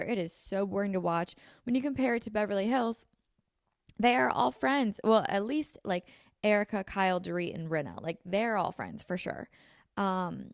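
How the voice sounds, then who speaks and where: Medium in pitch, gravelly and a little mellow, this young woman from the Philadelphia suburbs is a podcast host talking casually in her apartment room. She's chatty and leans heavily on filler, dropping "like" again and again, and she's slightly sniffly from a runny nose. The sound is clean studio quality with no room sound, captured on a podcast mic with video.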